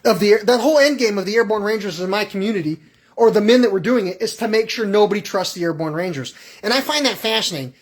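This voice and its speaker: A man's voice: high voice, quick pace. A man calling in to a radio show with a rambling, agitated, profane rant that jumps between thoughts and acts out little exchanges. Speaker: caller.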